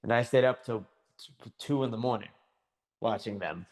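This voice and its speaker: A man co-hosting a podcast in relaxed conversation, with a voice of middle pitch. He recalls details carefully and builds each point step by step. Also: moderate pace. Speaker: podcast co-host. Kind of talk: casual chat.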